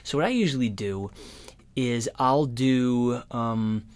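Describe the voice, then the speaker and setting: A man giving a casual guitar lesson, explaining in a relaxed, rambling way with lots of fillers. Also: mid-range voice, takes it slowly, clean tone. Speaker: guitar teacher. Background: guitar playing.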